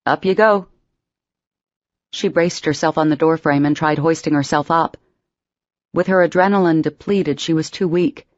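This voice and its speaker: A woman's voice: low voice, steady tone, normal speed, no room sound, highs cut off. Woman narrating an audiobook. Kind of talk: scripted narration.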